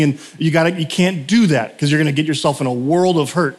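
A man's voice: a little high, fairly quick, hardly any pauses, a little mellow. A man preaching a casual sermon, a chatty storyteller who often interrupts himself, in a church sanctuary. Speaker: pastor. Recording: long hall reverb.

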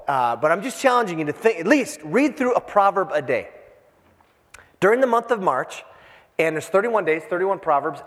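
A man's voice: a little high, long reverb tail. A middle-aged man from Minnesota giving an informal sermon as a pastor, rambling and self-deprecating with many fillers. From Minnesota, USA.

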